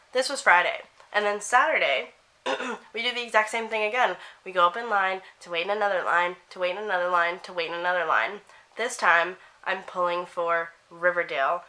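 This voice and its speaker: Bright-voiced chatty teen girl vlogger. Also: lowish voice, normal speed. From Canada. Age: teens. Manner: animated, swearing, acting out quotes of friends. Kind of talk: chatty get-ready-with-me storytelling.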